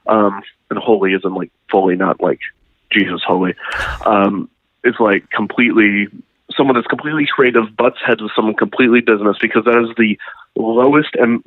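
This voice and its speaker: A man's voice: fairly low pitch, dry recording. A man speaking as a guest in a casual interview, rambling with lots of ums and restarts. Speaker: guest, YouTube documentary creator. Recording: tinny phone-like line.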